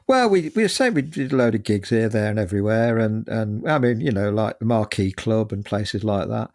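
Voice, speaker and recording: An Englishman in his seventies, appearing as a guest musician, tells chatty, rambling anecdotes full of fillers. His voice sits on the low side with a darkish tone, and he speaks animatedly and fairly quickly.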